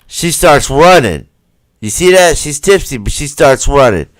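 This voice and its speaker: A man comments on video footage during a livestream, taking his time and swinging his fairly high voice up and down. He swears freely and keeps pressing viewers with rhetorical questions. The sound is dry and close. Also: animated, unhurried, dry recording. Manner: acts out the people in the footage in quoted voices. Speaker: livestream host.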